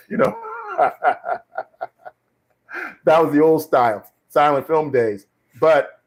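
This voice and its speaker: A middle-aged man hosting a live stream Q&A about acting, talking casually with many fillers and restarts as he tells stories and gives advice. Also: mid-range voice. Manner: rambling storyteller, frequent fillers and restarts. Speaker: live stream host, actor. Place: home studio.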